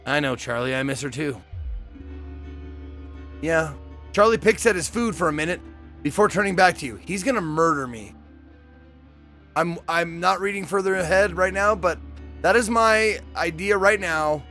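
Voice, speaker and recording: A man's voice: on the high side, expressive, moderate pace, long pauses, sharp tone, faint music behind. A man streaming a game, reading its dialogue aloud and cutting in with joking, swearing reactions. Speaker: gameplay streamer.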